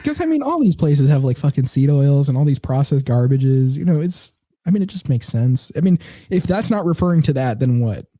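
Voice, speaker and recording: A man's voice: mid-range voice, big pitch swings, a little fast, warm tone, dry recording, studio quality. A man in casual conversation, laid-back and offhand, swearing casually. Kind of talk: casual chat.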